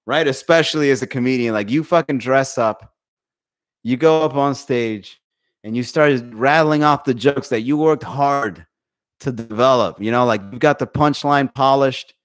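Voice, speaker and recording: Swearing, animated comedian on a livestream. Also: male voice, medium pitch, normal speed. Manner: animated, swearing, acting out quoted voices. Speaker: comedian and livestream podcast host. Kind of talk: casual livestream chat reading viewer comments. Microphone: phone for live stream.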